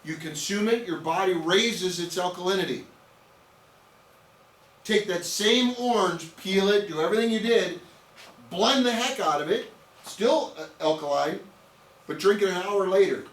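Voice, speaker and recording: A man's voice: high voice, unhurried, long pauses. A man giving a nutrition training to a small group, emphatic and repetitive, often checking in with "okay?". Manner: emphatic, repeats words and asks "okay?". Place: room with an audience. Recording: echoey room, distant mic, faint noise.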